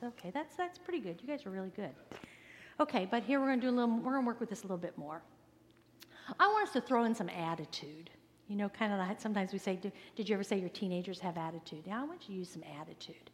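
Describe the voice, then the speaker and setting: A woman pastor preaches with earnest emphasis, leaning hard on key words and then falling to a hushed, breathy near-whisper. Her voice sits in the middle range. The sound carries the long echo of a large church sanctuary. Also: medium pitch, expressive, fast talker. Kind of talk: sermon. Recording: long reverb of a large hall.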